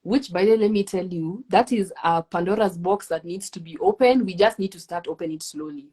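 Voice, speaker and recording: A woman's voice: on the low side, a little fast, mellow, slightly rough. A woman hosting an interview, musing in a conversational way.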